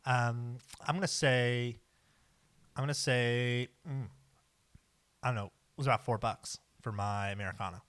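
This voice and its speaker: A man's voice: medium pitch, steady tone, unhurried, fairly bright tone, clean tone. A man co-hosting a casual podcast, talking in a rambling, hesitant way with lots of ums. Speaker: podcast co-host. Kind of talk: casual chat.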